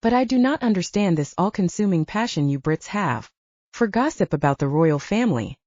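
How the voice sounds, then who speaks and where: A woman's voice: lowish voice, animated, normal speed, darkish tone, no room sound, dull audio. A woman voicing an outspoken, opinionated young woman intern in an audiobook.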